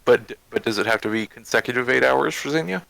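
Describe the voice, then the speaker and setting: A man player quickly checking rules and sorting out plans with the group. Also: medium pitch, creaky, sharp tone, no room sound, low-quality recording. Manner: quick, rule-checking, hesitant starts. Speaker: tabletop game player. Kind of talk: casual out-of-game chat.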